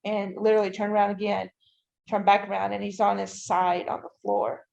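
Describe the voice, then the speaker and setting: A woman tells her story to a podcast host in a low, crackling fry. She walks through each moment in detail, with lots of "you know" and "I'm like" along the way. The audio sounds dull and lo-fi. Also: flat delivery, a little fast, a little mellow. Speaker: podcast guest. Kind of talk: emotional personal account.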